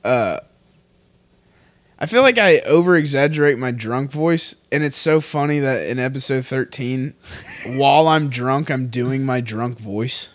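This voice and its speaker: A man's voice: medium pitch, a little slow. A male podcast co-host chatting casually, loose and irreverent, with plenty of swearing and laughter. His voice sits in a middle register. The sound is dry and close, with no room echo. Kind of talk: casual chat.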